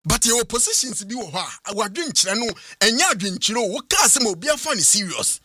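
A Ghanaian man hosting sports radio, pressing his opinions with emphatic force. His voice sits high and sounds bright and sharp. The sound is close and dry. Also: very animated, brisk, no room sound. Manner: emphatic, argumentative opinion delivery. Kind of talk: radio sports talk in mixed Twi and English.

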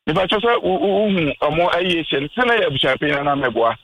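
Family spokesman, male, from Ghana, slightly high voice; earnest, pleading radio guest. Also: expressive, quick pace, a bit bright, slight background noise, low-quality recording. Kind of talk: radio interview talk.

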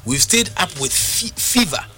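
Over a music bed, a radio talk show host with a Ghanaian accent tells stories with lively, sing-song energy, switching between Twi and English. He has a fairly high pitch and an unhurried delivery.

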